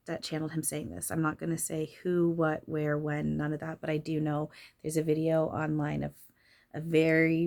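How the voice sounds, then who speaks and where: A woman's voice: deep voice, darkish tone. A woman channeler talking casually and candidly about spirituality, swearing freely and laughing often.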